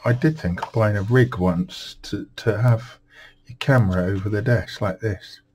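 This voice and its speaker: A man's voice: fairly low pitch, moderate pace, a little mellow, a little hiss or hum, low-quality recording. A tired man rambling through a home vlog, weary and self-deprecating, grumbling at himself. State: tired, yawning. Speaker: vlogger.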